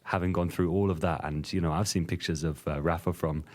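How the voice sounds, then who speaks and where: Male podcast interviewer, very low voice, playful and teasing. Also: steady tone, fairly quick, darkish tone. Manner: joking, teasing. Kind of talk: casual podcast conversation.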